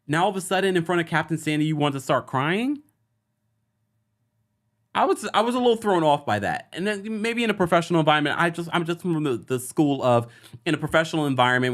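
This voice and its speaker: A man hosting a casual live-stream recap of reality TV, chatty and animated, quoting the people he talks about. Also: on the high side. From United States. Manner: animated, chatty, with laughs and quoted asides. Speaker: host.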